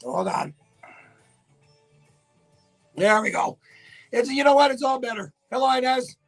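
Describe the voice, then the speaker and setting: A man with a Newfoundland accent hosting a live radio show, hoarse and raspy from laryngitis, chatting casually and greeting viewers by name. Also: very high voice, animated, unhurried, faint music behind. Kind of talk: casual live-stream chat. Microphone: webcam setup for live video.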